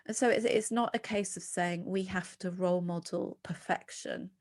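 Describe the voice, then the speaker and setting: A middle-aged British woman being interviewed as a psychologist, talking earnestly and animatedly with quick restarts. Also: lowish voice, steady tone, darkish tone. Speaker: guest psychologist. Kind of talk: podcast interview.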